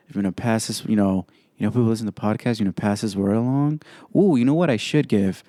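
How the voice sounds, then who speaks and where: A man's voice: fairly low pitch, fairly quick, hardly any pauses, dark tone, no echo. Blunt, profane man hosting a podcast. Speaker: podcast host. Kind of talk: casual solo podcast commentary.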